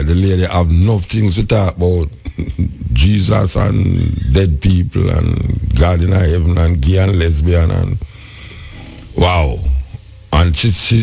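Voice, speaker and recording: A man's voice: deep voice, vocal fry, mellow, slightly rough. A Jamaican man hosting a radio call-in show, commenting wryly and musing aloud. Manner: wry, musing, laughing commentary. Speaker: radio host.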